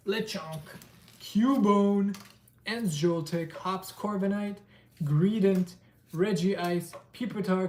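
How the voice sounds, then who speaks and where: Male stream host, unhurried, soft mellow tone, roomy far-off mic. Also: high-pitched, fairly even intonation. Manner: chatty, talks to chat, lists card names aloud. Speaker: live-stream host opening trading card packs. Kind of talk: casual live-stream chat. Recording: roomy, distant mic with faint noise.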